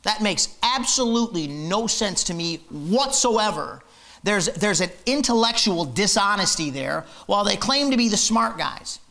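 A man's voice: sits high, creaky, bright, forceful tone. A man preaching a fiery, emphatic sermon in church, hammering his points with repetition. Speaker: pastor.

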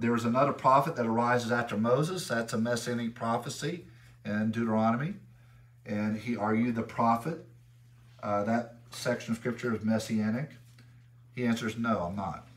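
A man preaching an expository sermon as pastor, emphatic, rising in pitch and volume when he reads scripture aloud. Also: normal speed, recorded from a distance. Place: church sanctuary.

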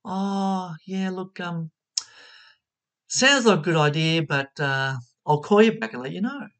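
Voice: mid-range voice, measured pace, a bit bright, voice pushed up, lightly acted. A speaker voicing an indecisive woman friend who hesitates and puts off every answer with fillers. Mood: noncommittal. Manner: hesitant, vague, full of fillers.

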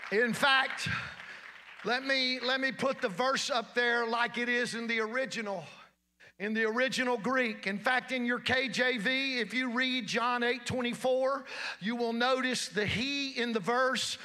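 A male pastor preaching a church sermon, emphatic and rising to shouts. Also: extremely high pitch, steady tone, measured pace. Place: church service.

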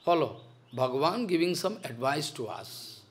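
Male preacher, high voice, lively swinging pitch, emphatic repeats. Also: moderate pace. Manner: emphatic, repeats phrases, broken English. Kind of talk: sermon.

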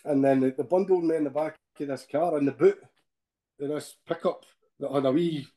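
A man's voice: on the high side, dark tone. A Scottish man in a podcast interview, recounting his ordeal emotionally and often ending sentences with "eh?". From Scotland. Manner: emotional storytelling, tags sentences with "eh?", halting restarts. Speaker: podcast guest. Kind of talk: personal account in a podcast interview.

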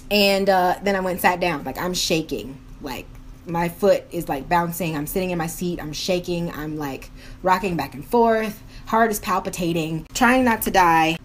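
Animated woman telling a storytime. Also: medium pitch, a little hiss or hum. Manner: animated, acts out quoted voices. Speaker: beauty vlogger. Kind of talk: casual storytime while doing makeup.

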